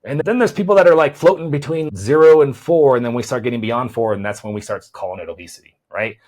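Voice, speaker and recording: A man's voice: medium pitch, quick pace, darkish tone. A man, a chiropractor hosting a podcast, explains weight loss in a conversational way, often repeating words as he thinks and checking in with "right?".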